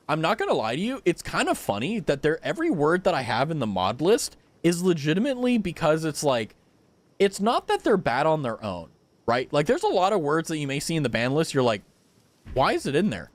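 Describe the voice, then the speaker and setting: Lively young man streamer chatting. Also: fairly high pitch, no echo. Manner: animated, swearing, talks to chat. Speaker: game streamer. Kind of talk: casual live-stream chat.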